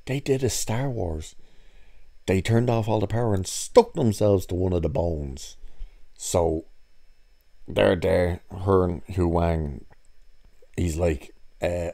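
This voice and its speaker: A man with a low, mellow voice recaps a TV episode in a loose, casual way. He is sarcastic and mocking, and he swears freely as he picks the plot apart. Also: measured pace. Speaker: show reviewer.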